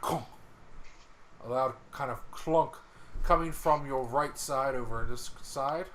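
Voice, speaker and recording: A man's voice: medium pitch, slow pace, fairly bright tone, a little hiss or hum. A man narrating as game master in a tabletop game, laid-back and stopping for fillers.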